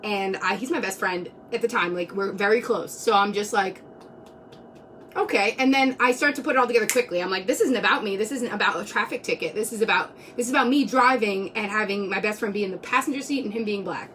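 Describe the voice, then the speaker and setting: A woman's voice: medium pitch, fast, a bit bright, recorded from a distance, a little hiss or hum. A woman in her twenties telling a personal story casually on a live stream, rambling with many fillers. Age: 20s. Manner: rambling, many "like"s, laughs between lines. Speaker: vlogger.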